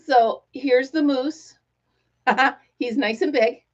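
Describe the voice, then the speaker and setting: Excitable middle-aged lady chatting on a live stream, kinda high voice, muffled lo-fi sound. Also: extremely slow. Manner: excitable, gushing, tells stories with quoted voices. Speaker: livestream host. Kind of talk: casual live-stream chat. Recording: dull lo-fi live-stream audio.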